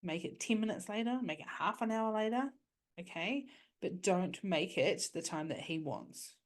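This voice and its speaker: A woman's voice: mid-range voice, animated, moderate pace. A woman, hosting a podcast and giving casual, coaching advice, often checking in with "okay?". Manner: chatty, coaching, frequent "okay?". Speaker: podcast host.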